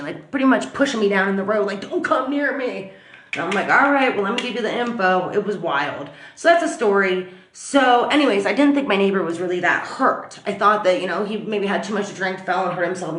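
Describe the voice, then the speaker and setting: A woman vlogger telling a story in a chatty, animated way, full of fillers. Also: medium pitch, reverberant. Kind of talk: casual storytelling to camera. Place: at home.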